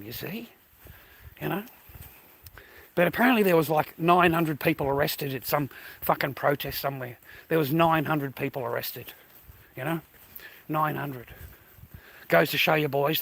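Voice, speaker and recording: A man's voice: fairly high pitch, vocal fry, a bit bright, dry recording. Swearing Australian man ranting. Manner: blunt, heavy swearing, grumbling. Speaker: livestreamer. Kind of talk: profane casual rant.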